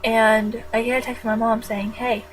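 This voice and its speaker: A woman's voice: a little high, little pitch movement, normal speed, poor audio. A teenage girl chatting casually in her own vlog, rambling and jokey with frequent giggles. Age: teens. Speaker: vlogger.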